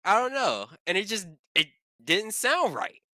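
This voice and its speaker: A man's voice: high-pitched, sing-song, unhurried, pushed and bright, no room sound, clean studio sound. A young man from Baltimore, co-hosting a podcast in casual chat, rambling with restarts. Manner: rambling, restarts, laughs often. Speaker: podcast co-host.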